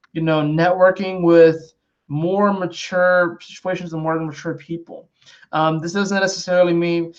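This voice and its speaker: A man giving a casual, rambling astrology and tarot reading, full of fillers and repeated phrases. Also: fairly high pitch. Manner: rambling, conversational, many fillers and repetitions. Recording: dull lo-fi sound.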